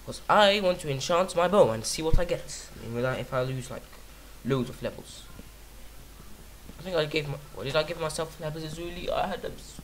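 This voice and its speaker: A man's voice: on the high side, animated, fairly quick, slight background noise. A man giving casual let's-play commentary on his own game, rambling and silly, talking to himself and singing nonsense syllables. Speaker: gaming YouTuber.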